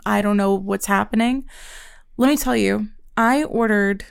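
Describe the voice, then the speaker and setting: A young woman from Pennsylvania co-hosting a podcast, telling stories in a profane, animated way. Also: unhurried, creaky, clean tone. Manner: profane, animated storyteller, swings pitch high when quoting. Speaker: podcast co-host. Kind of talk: casual chat, storytelling.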